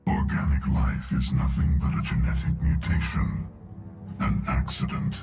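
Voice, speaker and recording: An ancient machine overlord, deep and echoing. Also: male voice, little pitch movement, over loud music, full character voice. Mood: menacing. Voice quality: deep gravelly reverberating voice. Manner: slow, ominous pronouncements. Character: ancient menacing male machine overlord, cold and arrogant. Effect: heavy echo. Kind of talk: video game dialogue.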